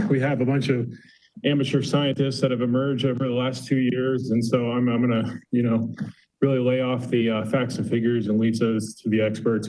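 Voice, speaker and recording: A man speaks casually at a public meeting, a little out of breath and full of filler words. His voice sits at an ordinary middle pitch. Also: darkish tone, low-quality recording. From Colorado. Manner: casual, chatty, filler-heavy. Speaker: resident giving public comment. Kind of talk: off-the-cuff public comment.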